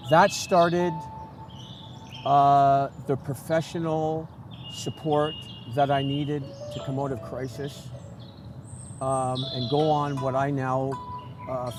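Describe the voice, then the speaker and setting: Earnest man telling his story over music. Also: mid-range voice. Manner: earnest, halting, with frequent restarts. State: emotional. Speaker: guest speaker. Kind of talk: personal storytelling. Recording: music playing under the voice.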